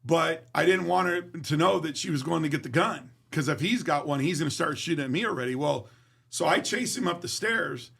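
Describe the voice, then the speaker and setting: A man's voice: a little high, brisk, creaky, a bit bright, husky. A man being interviewed, telling a story in a vivid, profane way and acting out the dialogue. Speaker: interview guest. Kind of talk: casual storytelling.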